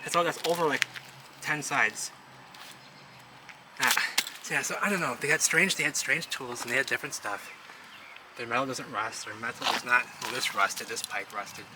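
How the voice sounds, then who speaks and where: Excitable rambling man outdoors by traffic. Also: medium pitch, normal speed, long pauses. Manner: excitable, rambling, addresses viewers directly. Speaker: vlogger exploring ruins. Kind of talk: casual walk-and-talk commentary. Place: outdoors among rubble and old brickwork. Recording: loud outdoor traffic noise.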